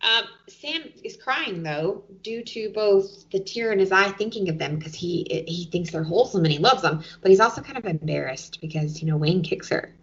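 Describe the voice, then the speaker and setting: A woman's voice: on the low side, animated, normal speed, hardly any pauses, slightly rough, highs cut off. A woman co-hosting a podcast, casually recapping TV episodes and explaining each sketch step by step. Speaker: podcast co-host.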